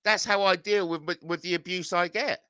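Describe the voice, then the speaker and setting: Man, middle-aged, agitated comment rant, sharp bright voice, bone-dry close mic. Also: sits high, steady tone, normal speed, smooth, no room sound. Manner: agitated, swearing, voice climbs when confronted. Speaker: YouTuber reading comments. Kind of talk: ranting reaction to viewer comments.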